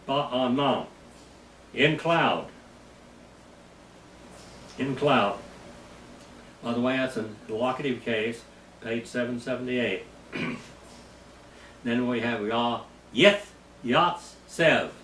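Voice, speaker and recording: A hoarse man teaching a slow, deliberate Bible lesson, sounding out Hebrew words syllable by syllable. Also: mid-range voice, echoey room, far from the mic, a little hiss or hum, rough recording. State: hoarse, losing his voice.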